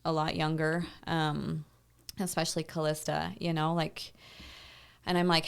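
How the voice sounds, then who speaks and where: A woman's voice: low voice, level tone, measured pace, vocal fry, clear, resonant tone. A woman in her thirties, a podcast guest, tells a painful personal story in a rambling conversational way, full of "like" and "you know.". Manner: intense, reliving a painful memory.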